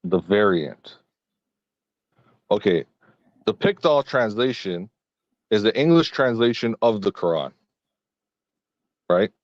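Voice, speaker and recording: A man debating as a guest in a live online stream, speaking in a measured, careful way and insisting on his turn. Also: on the low side, big pitch swings, dry recording, muffled recording.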